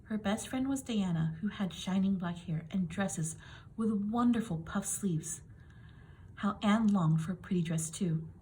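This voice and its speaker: A woman reading a children's picture book aloud in a gentle, clear and expressive way. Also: medium pitch, measured pace, slight background noise. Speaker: storybook reader.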